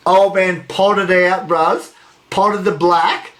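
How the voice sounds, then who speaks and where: A young Australian man telling a story on a live podcast, animated and swearing freely. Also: high-pitched, very slow, low-quality recording. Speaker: podcast co-host.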